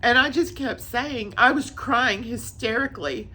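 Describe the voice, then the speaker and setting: Bright, fairly high-voiced woman; earnest, tearful personal testimony, plainly spoken. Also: unhurried, husky. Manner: earnest, tearful, repeats herself. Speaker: vlogger sharing a faith testimony.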